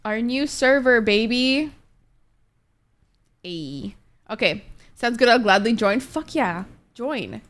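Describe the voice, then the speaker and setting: A woman's voice: on the high side, lively intonation, slow pace, long pauses, a bit bright. A woman streaming live and chatting casually with her viewers, rambling laid-back and swearing freely as she answers chat messages. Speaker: Twitch streamer.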